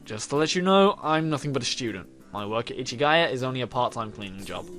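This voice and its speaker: A man voicing an unflappable young male student, speaking in a low, flat deadpan, reading game dialogue aloud. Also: quick pace, faint music behind, natural voice.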